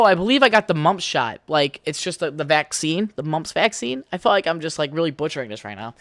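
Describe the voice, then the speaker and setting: A man's voice: on the high side, fairly bright tone, no echo, clean studio sound. Rambling, foul-mouthed young man. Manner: crude, rambling, swears freely. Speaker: podcast host. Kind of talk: casual solo podcast rambling.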